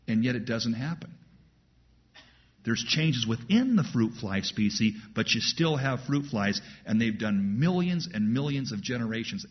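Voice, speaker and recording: A man's voice: medium pitch, husky, dull audio. A man teaching verse by verse through a sermon, who jokes and laughs at himself, then repeats key words with emphasis. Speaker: pastor.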